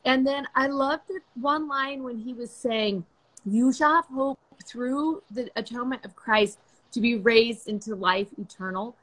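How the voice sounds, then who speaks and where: A woman's voice: on the high side, a little slow, fairly bright tone, low-quality recording. Earnest grandmother leading a faith chat. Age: older. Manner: earnest, reflective, many fillers. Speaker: podcast host. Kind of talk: faith-based discussion.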